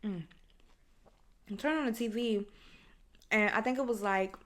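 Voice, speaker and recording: A woman hosting a casual solo podcast, telling a story in an animated, profane way and acting out other people's lines. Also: mid-range voice, a little slow. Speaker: podcast host.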